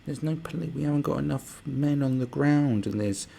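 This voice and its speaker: A man's voice: moderate pace, gravelly, dark tone, slight background noise. A man putting on a whining, pleading voice as a middle-aged male police chief begging for money. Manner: high, pleading and whiny.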